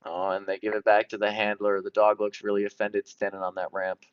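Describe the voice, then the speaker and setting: A man giving excited live play-by-play commentary, jumping quickly from one event to the next, on a dull lo-fi stream recording. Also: on the low side, clean tone, dry recording. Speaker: sports commentator.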